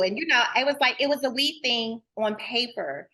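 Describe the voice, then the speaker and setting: A woman's voice: a little high, moderate pace, pushed and bright. A woman host talking in a heartfelt, casual way, earnest and emotional, and addressing her audience directly in informal speech. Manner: informal and folksy, full of "girl" and "y'all".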